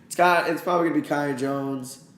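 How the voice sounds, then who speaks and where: A man's voice: fairly high pitch, a little fast, fairly bright tone, roomy sound. A man hosting a live reaction stream, ranting as an exasperated sports fan.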